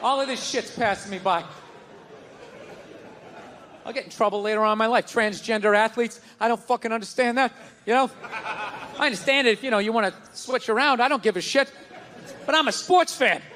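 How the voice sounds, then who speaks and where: A man's voice: very high voice, fairly quick, long pauses, bright, forceful tone. A middle-aged man doing stand-up, telling a profane, self-mocking story in a ranting style. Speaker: stand-up comedian. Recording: long hall reverb, faint noise.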